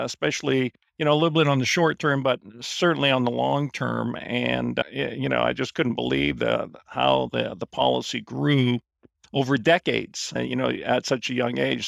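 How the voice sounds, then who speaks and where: A man's voice: medium pitch, vocal fry, fairly bright tone, no room sound, studio quality. A man in his fifties, a guest on a finance podcast, telling his story casually with lots of fillers and restarts. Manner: rambling, many fillers and restarts.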